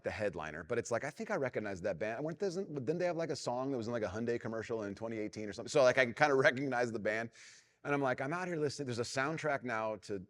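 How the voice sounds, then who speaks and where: A middle-aged man preaching a sermon as pastor, telling a self-mocking story and dropping to a hushed, prayerful tone. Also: fairly low pitch. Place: large church hall. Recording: long reverb of a church hall.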